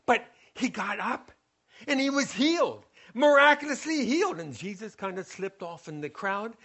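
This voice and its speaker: A man's voice: high voice, moderate pace. A male preacher giving a sermon, retelling a scripture story and acting out its scenes. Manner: storytelling, acts out scenes, animated.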